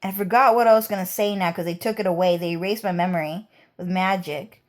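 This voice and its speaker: A woman's voice: on the low side, steady tone, fast. A woman vlogger talking in a rambling, heated monologue, swearing often.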